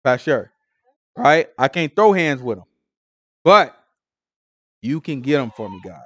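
A man leading a conversational Bible study, animated and talking, acting out prayers in hushed or loud voices. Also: mid-range voice, unhurried, dry recording. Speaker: Bible teacher. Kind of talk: conversational scripture teaching.

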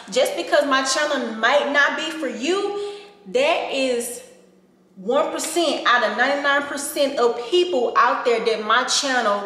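A woman's voice: sits high, pushed and bright. A woman vlogger, talking earnestly to camera and repeating herself for emphasis. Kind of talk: casual heartfelt talk to camera. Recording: echoey room with long reverb.

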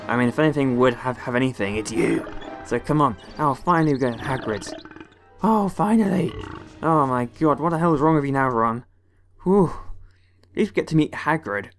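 A man's voice: medium pitch, lively intonation, brisk, faint music behind. A young man from the West Country of England doing let's play commentary, exclaiming and grumbling at the game as he plays. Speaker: gaming video host.

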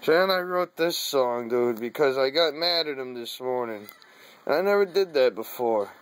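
A man's voice: medium pitch, animated, normal speed. A man telling a personal story in casual, profane talk, drawling and saying "dude" often, laughing now and then. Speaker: vlogger.

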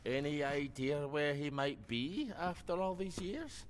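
A lonely old man in a game, rambly, up and down, kinda high, long reverb. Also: expressive, unhurried, slight background noise. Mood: rambling. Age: older. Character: lonely old man who talks to his absent wife. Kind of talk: video game voice acting.

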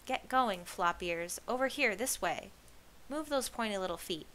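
Woman doing a gruff, bossy old shepherd woman. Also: medium pitch, moderate pace, a bit bright, a little hiss or hum, natural voice. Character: gruff older female shepherd, brusque and bossy.

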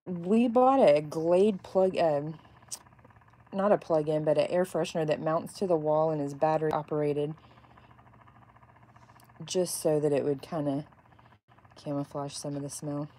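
Chatty Texan woman, low mellow voice. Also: fairly even intonation, a little slow, pauses often. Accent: Texas, softened. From north central Texas. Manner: chatty, rambling, reacts to chat comments. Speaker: crafter making epoxy cups. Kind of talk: casual chat while crafting.

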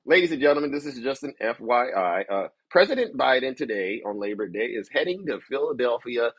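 This political commentary host rants to his audience in a mocking, theatrical showman manner, saying "ladies and gentlemen" over and over. His medium-pitched voice is a little fast, lively in intonation, with a breathy edge and no echo.

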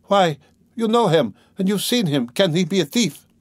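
A man's voice: mid-range voice, normal speed, a little mellow, no room sound, lightly acted. A man voicing a proud, distressed young woman. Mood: imploring. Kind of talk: audiobook character reading.

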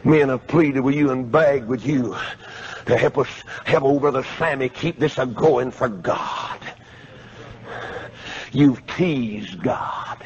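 A man preaching a revival sermon, swinging from quiet pleading to shouting. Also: mid-range voice, slow, slightly rough. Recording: muffled lo-fi sermon tape.

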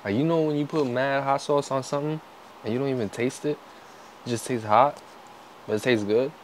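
A young man, a vlogger, in casual food-tasting chat, swearing constantly, joking and breaking into loud outbursts. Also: medium pitch, fairly even intonation, a little fast, a little hiss or hum, poor audio.

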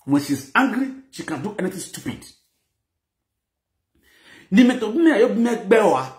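A man with a Nigerian Pidgin English accent, telling a personal story in an animated, mixed-language way. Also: sits high, echoey room. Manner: animated, mixes Pidgin and Yoruba phrases. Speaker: social media presenter. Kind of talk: storytelling monologue.

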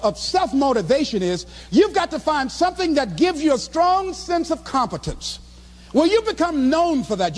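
A middle-aged man giving a motivational speech in a preacherly, animated storytelling manner, often shouting. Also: extremely high pitch, in a large hall. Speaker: motivational speaker.

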